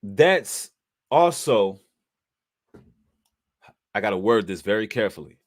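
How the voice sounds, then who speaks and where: A man's voice: lowish voice, sing-song, slow pace. Emphatic preacherly man hosting a livestream. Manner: emphatic, preacherly, addresses audience as brothers and sisters; casual slang with occasional cursing. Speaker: livestream host.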